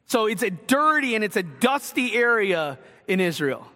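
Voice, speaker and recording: A man's voice: high-pitched, big pitch swings, normal speed, bright, forceful tone. A man preaching a sermon, earnest and conversational, asking the congregation direct questions. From Northwest Ohio. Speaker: pastor. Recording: long hall reverb.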